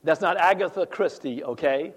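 High-voiced guy preaching a sermon, gets loud on the verses then goes quiet, quizzes the crowd. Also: normal speed, husky. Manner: animated preaching, rising loud on scripture and dropping low for asides; asks the congregation questions. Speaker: pastor.

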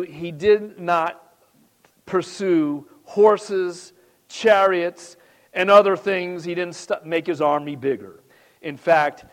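A man preaching a sermon as pastor, animated and addressing the congregation directly, with big rises and drops in his delivery. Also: fairly high pitch.

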